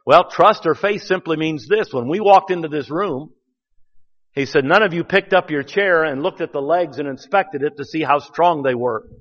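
Pastor preaching a sermon, man with a slightly high voice, folksy and emphatic, dull recording with long church reverb. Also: fairly bright tone.

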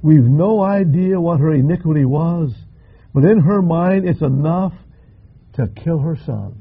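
An older man preaching a sermon, dramatic and impassioned, swelling in pitch and volume. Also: unhurried, breathy edge. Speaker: pastor. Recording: dull lo-fi recording.

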